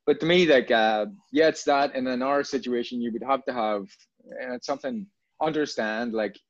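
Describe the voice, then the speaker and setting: A man's voice: medium pitch, moderate pace, dry recording. A man, a bar owner chatting in an interview, rambling and repeating words as he restarts his sentences. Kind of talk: casual interview chat. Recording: dull lo-fi sound, dry.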